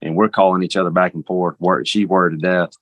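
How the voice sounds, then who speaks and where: Middle-aged dad chiming in, really deep voice, plain and to the point, dry sound. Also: male voice, steady tone, fast, dry recording, phone-quality sound. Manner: brief, matter-of-fact interjections. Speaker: father of a teen son. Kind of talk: casual interview talk.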